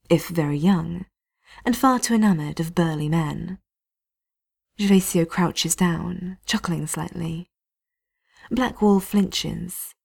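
A woman reading a story aloud in a hushed, often half-whispered delivery. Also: on the low side, vocal fry, husky. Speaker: narrator.

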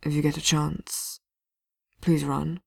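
A woman's voice: little pitch movement, creaky, slightly rough, heavily acted. Woman voicing a rusty-voiced wounded warrior. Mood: pained. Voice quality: rusty, pained. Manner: quiet, halting, low. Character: big, battered male warrior in pain.

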